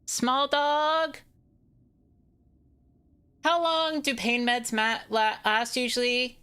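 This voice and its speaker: A woman streamer in pain and low on energy, rambling casually with her chat and swearing now and then. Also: flat delivery, very slow, fairly bright tone, clean tone, no echo.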